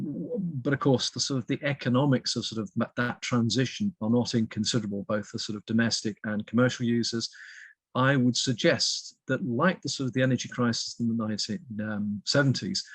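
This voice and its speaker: A man's voice: medium pitch, dry recording. A British man in his fifties, answering interview questions as an economist in a hesitant way, full of fillers. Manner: hesitant, heavy use of fillers like "sort of". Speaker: guest expert, economist.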